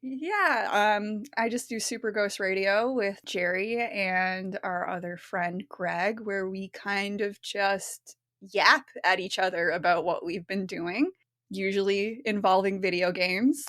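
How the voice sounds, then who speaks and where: Female podcast guest, rambling and giggly, mid pitch, dry close-mic sound. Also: steady tone, slow, a bit bright, dry recording. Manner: rambling, self-deprecating, giggly. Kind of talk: casual podcast chat.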